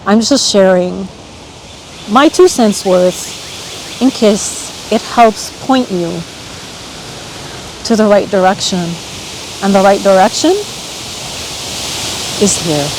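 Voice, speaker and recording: Woman vlogger, slow and unhurried, emotional and repetitive, recorded outdoors with faint nature ambience. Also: medium pitch, darkish tone, a little hiss or hum, poor audio. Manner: emotional, repetitive, self-affirming. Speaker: spiritual vlogger. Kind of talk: personal reflective monologue.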